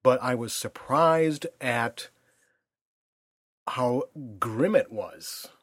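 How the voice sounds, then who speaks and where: A middle-aged man hosting a casual home podcast with his daughter, speaking in a thoughtful, measured way. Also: mid-range voice, a bit bright, no echo, clean studio sound. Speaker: podcast host.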